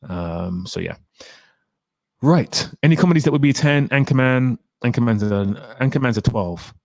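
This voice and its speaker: A man's voice: mid-range voice, lively intonation, moderate pace, creaky, darkish tone, no room sound, studio quality. A young man hosting a casual livestream, chatty and opinionated as he answers viewer questions. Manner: opinionated, chatty, reads out chat comments. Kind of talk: casual live stream chat.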